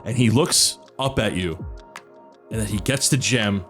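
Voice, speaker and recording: A man's voice: on the low side, measured pace, fairly bright tone, soft background music. A man running a tabletop game, describing scenes in a loose, rambling way with fillers. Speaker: dungeon master.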